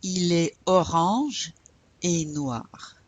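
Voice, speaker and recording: A woman's voice: on the low side, drawn-out words, husky, no echo. A woman teaching a French lesson, patiently asking questions and then modeling the answers. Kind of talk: recorded classroom lesson.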